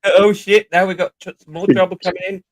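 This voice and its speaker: A man's voice: high voice, flat delivery, quick pace, dry recording. A middle-aged man with a British accent, chatting casually on a livestream, rambling and swearing freely. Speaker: livestream host.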